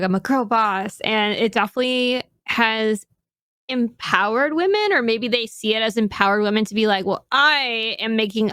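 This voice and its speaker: A woman's voice: medium pitch, a bit bright, smooth, no room sound. A woman guest on a casual panel chat, thoughtful and agreeable.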